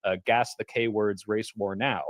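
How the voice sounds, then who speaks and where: An American man on a live panel debate, laying out his reasoning in a measured way with frequent "uh" and "like.". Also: on the low side, fairly even intonation, no echo. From United States. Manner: measured, reasoning, filler-heavy. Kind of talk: casual debate.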